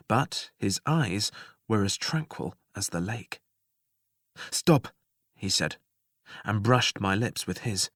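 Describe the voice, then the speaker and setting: A man reading a story aloud as a first-person narrator in a slow, restrained, scripted way. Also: on the low side, animated, fairly bright tone, dry recording, clean studio sound. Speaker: audiobook narrator.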